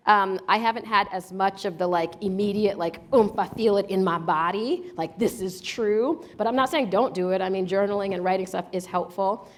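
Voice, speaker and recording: Woman running a workshop q&a, lively and emphatic, chatty. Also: medium pitch, moderate pace, hardly any pauses. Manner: energetic, emphatic, conversational. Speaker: workshop leader. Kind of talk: live workshop Q&A.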